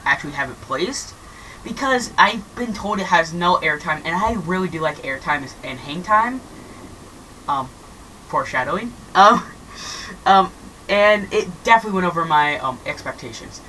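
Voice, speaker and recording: A woman with a low-pitched yet bright, forceful voice chats casually through a vlog ranking roller coasters. She speaks haltingly, filling pauses with frequent fillers and restarting her sentences. She sits at a distance from the mic, with a faint hiss behind her.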